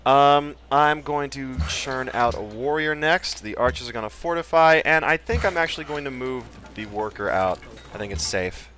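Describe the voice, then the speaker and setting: A man's voice: medium pitch, expressive, normal speed, fairly bright tone. Jokey man narrating his strategy game. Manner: jokey, rambling, trails off into mumbled asides. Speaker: gaming channel host. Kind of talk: casual Let's Play commentary.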